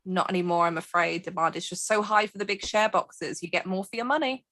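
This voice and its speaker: A woman's voice: fairly low pitch, brisk, fairly bright tone, no echo, studio quality, lightly acted. A woman voicing a cheerful female takeaway worker who takes phone orders in a chirpy, helpful manner.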